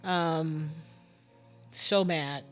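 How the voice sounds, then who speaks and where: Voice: medium pitch, steady tone, drawn-out words, a bit bright, soft background music. A streamer thinking aloud during a casual live-stream game commentary, muttering and musing with lots of fillers.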